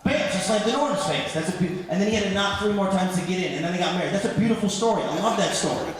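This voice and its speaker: Man in his thirties, stand-up comedian, rambling and self-deprecating, quick talker, echoey club hall with long reverb. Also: high voice, lively intonation. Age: 30s. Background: audience laughter.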